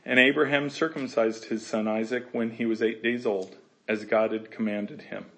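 A man's voice: fairly low pitch, fairly even intonation, moderate pace, a bit bright. A man leading a verse-by-verse Bible study. He reads scripture aloud, then comments casually, laughing easily and acting out the characters' lines. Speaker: Bible teacher.

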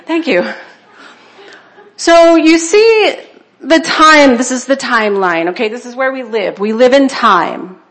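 A woman's voice: high-pitched, lively intonation, measured pace, a bit bright. A woman speaking at a church conference, sharing personal testimony in an emotional, conversational way and checking in with her listeners.

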